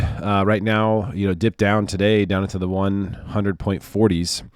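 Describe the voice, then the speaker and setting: Deep-voiced man giving blunt market commentary. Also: measured pace, clear, resonant tone, no echo, clean studio sound. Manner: animated, sarcastic, repeats himself for emphasis. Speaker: mortgage loan officer.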